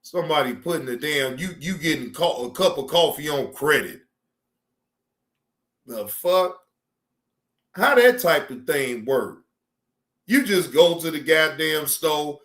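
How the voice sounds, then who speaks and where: A man streaming, riffing in a loose, profane rant with a ring. His voice sits a little high, and he circles back over the same lines for emphasis. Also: measured pace, pauses often. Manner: animated, profane, repeats himself for emphasis. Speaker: streamer reacting to news.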